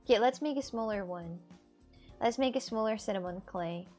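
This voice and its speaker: A woman's voice: mid-range voice, moderate pace, darkish tone, soft background music. A woman making clay crafts on a live stream, rambling and repeating herself as she talks to her viewers, with a lilt. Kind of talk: casual live-stream chat.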